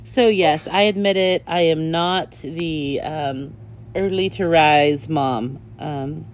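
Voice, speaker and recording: A woman's voice: sits low, takes it slowly, slight background noise. A woman hosting a casual podcast as a mother, laughing often and poking fun at herself. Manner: laughs often, playful and self-mocking. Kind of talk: casual chat.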